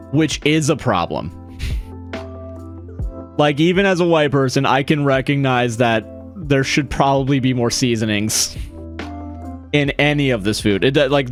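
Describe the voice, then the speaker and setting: A man chatting casually on a live stream, rambling and correcting himself, often apologizing and laughing. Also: medium pitch.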